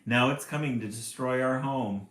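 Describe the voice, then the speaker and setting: A man voicing a frantic mother blue jay in a storybook, shrill and loud. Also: normal speed, roomy sound, close to an everyday voice.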